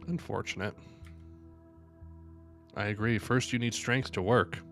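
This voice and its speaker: A man's voice: fairly low pitch, gravelly, fairly bright tone, soft background music. A man streaming live, reading manga panels aloud and reacting between lines, sleepy and yawning. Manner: reads every character's lines aloud between quick reactions.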